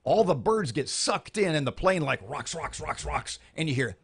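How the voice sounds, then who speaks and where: A man's voice: a little high, lively intonation, moderate pace, gravelly, a bit bright, breathy edge. A male morning radio host, telling a rambling story in casual chat on air. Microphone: studio microphone.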